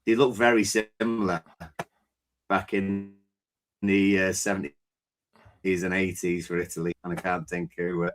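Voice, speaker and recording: A man's voice: deep voice, little pitch movement, a little slow, pauses often, a little hiss or hum. A man co-hosting a football fan podcast, talking casually and hesitantly while searching for words. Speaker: podcast co-host.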